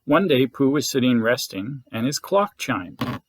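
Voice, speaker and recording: A man who leads a scout group, reading a bedtime story aloud in a gentle, expressive way. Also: medium pitch, unhurried, a little hiss or hum. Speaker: scout leader.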